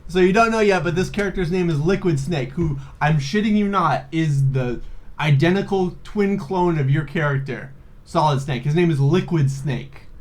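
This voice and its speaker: A man's voice: a little high, moderate pace, darkish tone, slight background noise. A man in his twenties recapping a video game in a rambling, profane, joking way, full of fillers and laughs. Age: 20s. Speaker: video host. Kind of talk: casual comedic game recap.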